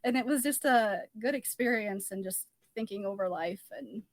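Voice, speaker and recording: A woman's voice: medium pitch, normal speed, dry recording. Hesitant woman poet as podcast guest. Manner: hesitant, full of ums, laughs often. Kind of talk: casual podcast chat.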